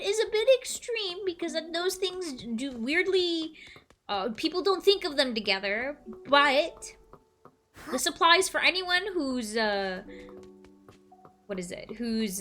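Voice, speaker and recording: A woman's voice: high voice, bright, forceful tone. A woman streaming a game, chatting casually and playfully, teasing her viewers. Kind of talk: casual chat while gaming on stream. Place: at a home computer desk.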